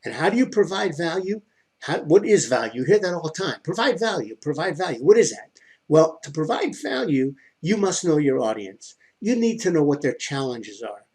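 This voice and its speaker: Husky man coaching with rhetorical questions. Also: a little high, big pitch swings, normal speed, a little mellow. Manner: emphatic, asks rhetorical questions and answers them. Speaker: online marketing coach. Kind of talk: instructional talk to camera.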